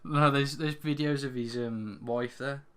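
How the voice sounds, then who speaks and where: A man's voice: mid-range voice, steady tone, unhurried, clean tone. Hesitant young man. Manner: hesitant, restarts, fillers. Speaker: podcast co-host. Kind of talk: casual chat.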